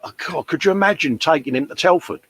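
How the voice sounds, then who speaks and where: A man's voice: on the high side, expressive, fast, fairly bright tone, breathy edge, no room sound. A British man with an English accent, hosting a casual livestream chat, reading out viewer comments and calling people mate. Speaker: livestream host.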